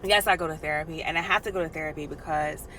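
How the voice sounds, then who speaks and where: A woman's voice: deep voice, fairly even intonation, fast, a bit bright, slight background noise, rough recording. A woman talking frankly and emphatically to her viewers in a casual vlog, swearing freely, recorded in a car. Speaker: nurse and vlogger.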